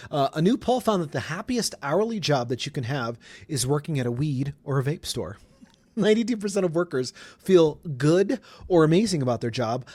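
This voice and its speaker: A man in the middle pitch range hosts his own pop culture podcast, rattling off celebrity gossip in a casual, wry way and dropping dry little asides. His voice sits close and dry on the mic, with no room sound around it. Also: darkish tone, dry recording. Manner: chatty and wry, with asides and chuckles. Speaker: podcast host. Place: Colorado studio.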